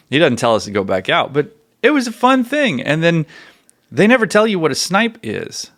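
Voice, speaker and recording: A man in his forties hosting a podcast, telling stories in a casual way and turning animated and emphatic, with loud bursts. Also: a little high, normal speed. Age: 40s. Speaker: podcast host.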